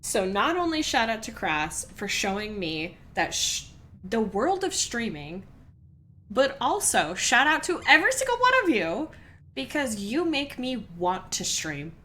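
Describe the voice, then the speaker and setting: A woman's voice: fairly high pitch, very animated, a little slow, fairly bright tone. A young adult woman, streaming a game and chatting with viewers in a rambling, earnest way, laughing often and reading chat aloud. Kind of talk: casual let's-play chat with viewers.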